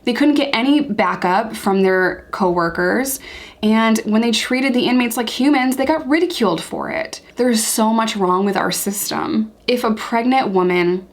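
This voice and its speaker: A woman's voice: fairly high pitch, normal speed. A young woman from the United States hosting her own vlog, speaking earnestly and with open outrage, repeating points for emphasis. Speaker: YouTube channel host. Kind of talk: impassioned commentary vlog.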